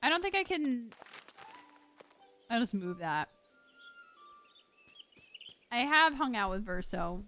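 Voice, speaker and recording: Excitable bright-voiced woman streamer. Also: fairly high pitch, takes it slowly, long pauses. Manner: excitable, loud outbursts, chatty storytelling. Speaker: game streamer. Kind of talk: casual live-stream chat while gaming. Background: game music.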